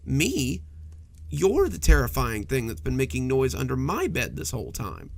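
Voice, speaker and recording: A man voicing a timid, frightened monster hiding under a bed, gravelly and pleading in a horror story. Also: medium pitch, huge pitch swings, moderate pace, exaggerated voice. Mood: blustering. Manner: blustering, whimpering, pleading.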